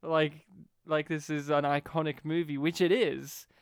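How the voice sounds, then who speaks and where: An excitable man chatting about movies, his smooth voice pitched a little high. He laughs a lot and jumps into quick impressions as he goes. The sound is dry and close, with no room around it. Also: no room sound. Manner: animated, laughs often, acts out scenes in voices. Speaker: podcast co-host. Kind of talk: casual film-review chat.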